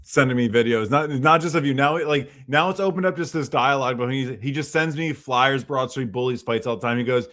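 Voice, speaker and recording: A man's voice: mid-range voice, brisk, hardly any pauses, a bit bright. A man co-hosting a casual livestream, upbeat and laughing often, full of "dude" and "like.". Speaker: livestream co-host.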